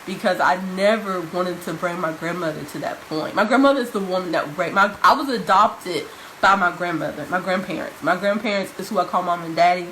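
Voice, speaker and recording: A woman's voice: on the low side, brisk, a bit bright, a little hiss or hum, poor audio. A young adult woman vlogging, telling a personal story straight to her viewers in a casual, emphatic way and repeating phrases for stress. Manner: addresses viewers informally.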